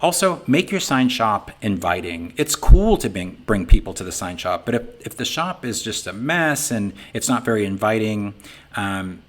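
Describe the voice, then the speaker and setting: A man's voice: on the low side, sing-song, moderate pace. A middle-aged man with a Boston accent giving an informal webinar talk, folksy and conversational, often saying "you know". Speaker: webinar presenter for a sign business software company.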